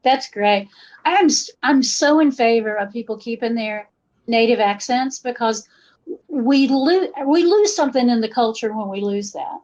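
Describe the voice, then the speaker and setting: An interview guest in a casual conversation, this folklorist from western North Carolina has an Appalachian accent and a higher voice at a moderate pace. She relates stories with animated asides, voicing quotes, over dull lo-fi podcast audio.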